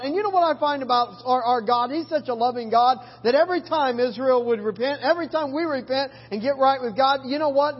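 A man's voice: very high voice, breathy edge. A man preaching a sermon at an evening church service, folksy, with many restarts and fillers like "man" and "boy". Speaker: missionary preacher. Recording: dull lo-fi church recording with long reverb.

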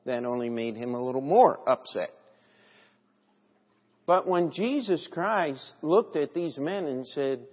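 A man's voice: medium pitch, expressive, slow, pauses often. A man preaching an evening sermon in an earnest, emphatic way, reading scripture aloud. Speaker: pastor. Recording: dull audio with long church reverb.

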